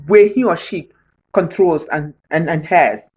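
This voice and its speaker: A woman's voice: lowish voice, expressive, normal speed, breathy edge. A woman giving an emotional, preacher-like spoken appeal, pleading and repeating phrases for emphasis. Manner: emotional, says her heart is broken. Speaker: vlogger.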